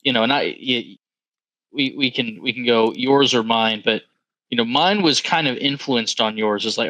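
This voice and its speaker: A man co-hosting a podcast in casual chat, halting, with short agreements. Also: mid-range voice, bright, forceful tone, dry recording, poor audio. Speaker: podcast co-host.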